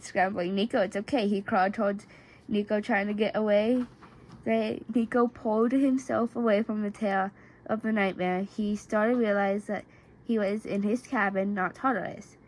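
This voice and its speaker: Slow, stumbling woman reading a story. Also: mid-range voice, rough recording. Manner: stumbling, frequent restarts and self-corrections. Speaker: fan fiction reader. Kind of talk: amateur reading aloud of fan fiction.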